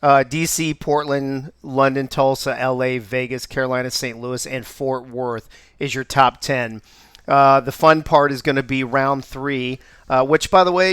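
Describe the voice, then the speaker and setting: A man's voice: medium pitch, fairly bright tone, smooth, no room sound, studio quality. A man hosting a live show in an upbeat, joking way. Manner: upbeat, joking, laughs often. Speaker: host.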